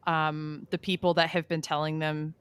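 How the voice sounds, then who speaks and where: A woman's voice: sits low, little pitch movement, moderate pace, clear, resonant tone, no echo. A woman co-hosting a casual reality-show recap podcast, laying out game analysis and laughing easily. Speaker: podcast co-host.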